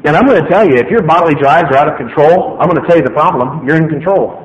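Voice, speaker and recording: A man's voice: fairly high pitch, quick pace. A man preaching a sermon, emphatic and joking, speaking straight to his listeners. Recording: echoey hall, dull lo-fi sound.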